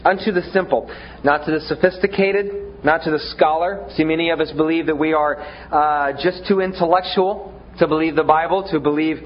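Male preacher, fairly high voice, stammering restarts, dull lo-fi recording. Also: fairly even intonation, moderate pace. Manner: conversational, stammering restarts, self-deprecating humor. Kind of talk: sermon.

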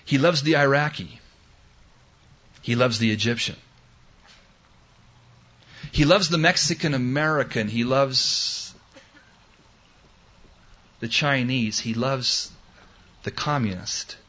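A male preacher with a bright, forceful voice delivers a sermon slowly and deliberately. He swings from loud, emphatic lines to hushed, tender quotes. The recording is dull and lo-fi. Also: mid-range voice.

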